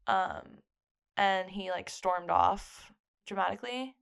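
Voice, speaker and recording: A woman's voice: medium pitch, takes it slowly, vocal fry, smooth. A young woman co-hosting a casual chat podcast, telling a story at length and leaning on "like" as a filler. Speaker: podcast co-host.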